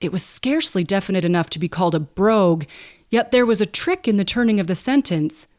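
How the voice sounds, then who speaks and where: A woman narrating a classic novel in an even, unhurried storytelling manner. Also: medium pitch. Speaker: audiobook narrator and podcast host.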